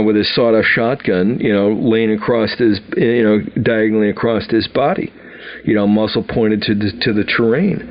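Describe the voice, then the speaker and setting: A man's voice: lowish voice, muffled recording. A man in his fifties casually telling an old army story, rambling with many fillers and restarts.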